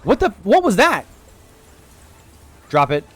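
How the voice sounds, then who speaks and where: Lively excitable male game streamer. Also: takes it slowly. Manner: excitable, chatty, bursts of high-pitched exclamations. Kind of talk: live gameplay commentary.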